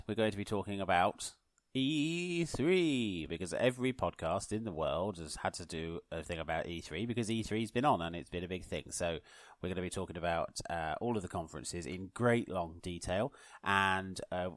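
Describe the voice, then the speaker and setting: Deep-voiced man in mock-posh newsreader mode. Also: dry recording, clean studio sound. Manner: mock-posh newsreader delivery, self-mocking and rambling. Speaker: podcast host. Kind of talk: solo podcast monologue.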